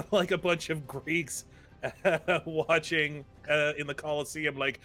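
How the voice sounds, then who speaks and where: A man's voice: fairly high pitch, fairly even intonation, takes it slowly, bright, forceful tone. A man playing in a streamed tabletop game, joking around and laughing often. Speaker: player. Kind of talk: casual banter on a game stream.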